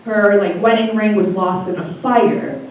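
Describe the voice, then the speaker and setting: A woman's voice: medium pitch, a little slow, a little mellow. Young woman telling a story on stage. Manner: laughing, profane, casual. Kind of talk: live comic storytelling. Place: live stage before an audience. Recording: echoey hall from far off, faint noise.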